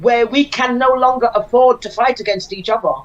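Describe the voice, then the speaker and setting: A woman speaks on a relaxed panel, earnest and insistent, circling back to the same words to drive them home. Her voice sits a little high. The sound is dull and lo-fi. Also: a little fast. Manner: earnest, repeats phrases for emphasis. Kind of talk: casual panel discussion.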